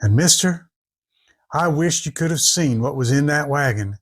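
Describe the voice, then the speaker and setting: Folksy storyteller, male, high voice, drawling dialect, does the characters. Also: lively intonation, moderate pace. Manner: drawling rural dialect, acting out each character.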